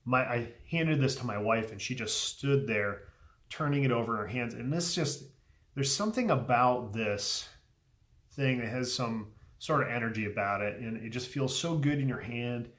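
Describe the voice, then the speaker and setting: Earnest man unboxing a gift, softly moved. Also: mid-range voice, normal speed. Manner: earnest, heartfelt, often trailing off softly with ums. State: moved, a little emotional. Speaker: pipe tobacco video host. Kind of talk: casual unboxing vlog.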